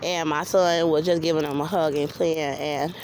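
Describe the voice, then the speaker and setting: A woman's voice: deep voice, steady tone, moderate pace, a little mellow, a little hiss or hum. A woman giving a blunt, outspoken personal testimony while walking on an outdoor trail, recorded on a handheld phone. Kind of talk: casual spoken testimony. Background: passing vehicles and outdoor ambience.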